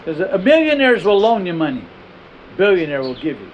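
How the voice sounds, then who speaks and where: Middle-aged man, pastor, storytelling sermon; slightly high voice, animated, repeats himself mid-phrase. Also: fairly quick, slight background noise, low-quality recording.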